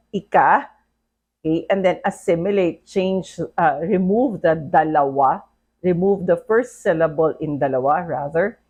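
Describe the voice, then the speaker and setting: A woman's voice: on the low side, slightly rough. A woman with a Filipino accent teaching a language lesson, explaining patiently and often checking in with "okay?". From Philippines.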